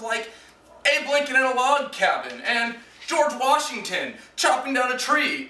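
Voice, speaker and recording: A woman's voice: sits high, pushed and bright. An American woman vlogger with an exasperated, emphatic and sarcastic manner, ranting straight at the camera. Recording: roomy echo, distant from mic.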